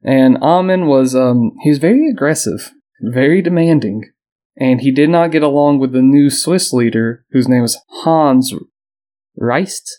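Co-hosting a podcast, this man talks at a slightly slow pace in a medium pitch. His history retelling is laid-back, dotted with frequent fillers and little laughs.

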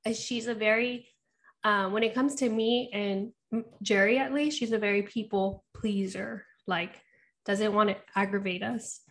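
A woman's voice: mid-range voice, steady tone, moderate pace, fairly bright tone. A woman talking casually on a podcast about parenting, chatty, with frequent laughs and asides. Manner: chatty, laughs often, lots of "you know". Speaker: podcast co-host. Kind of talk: casual chat.

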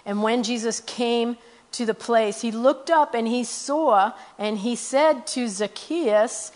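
An earnest woman with a somewhat high voice gives a conversational sermon about missionary work. She keeps checking in with her listeners through "you know" and "okay?", and she reads scripture verses at a quick clip. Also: darkish tone. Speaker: missionary speaker.

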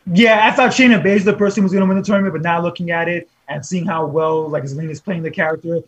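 A man co-hosting a podcast, chatting casually about wrestling in a quick, joking way. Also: fairly high pitch, fairly even intonation. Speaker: podcast co-host. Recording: dull, muffled lo-fi sound.

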